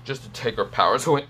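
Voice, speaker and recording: A man's voice: medium pitch, bright, forceful tone, husky. A man with a sore throat telling an improvised fan story, rambling and full of fillers and restarts.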